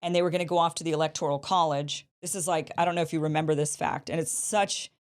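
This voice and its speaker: A woman hosting a political commentary show, sarcastic and mocking, with lively asides. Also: low voice, quick pace. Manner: animated, with mock voices of opponents. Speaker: show host.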